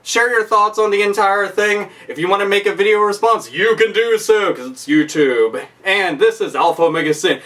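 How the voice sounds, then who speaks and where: A man's voice: high-pitched, moderate pace, few pauses, fairly bright tone. A man ranting to camera as a YouTuber, swearing constantly and repeating his points with heavy emphasis. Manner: profane, emphatic, repetitive. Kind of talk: angry rant vlog.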